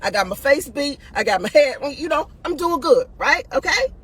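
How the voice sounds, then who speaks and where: A woman's voice: high voice, expressive, moderate pace, few pauses, a bit bright. A woman hosting a video, giving dating advice in blunt, profane casual talk, laughing often and tossing "listen" and "right?" at her audience.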